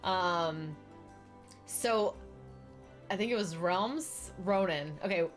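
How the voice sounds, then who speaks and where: A young woman with a lowish voice chats casually while she plays, telling long stories and jumping into other people's voices. Faint music runs quietly behind her. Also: takes it slowly. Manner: chatty storyteller, acts out quoted people with big pitch jumps. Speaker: streamer chatting while playing. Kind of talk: casual chat on a game stream.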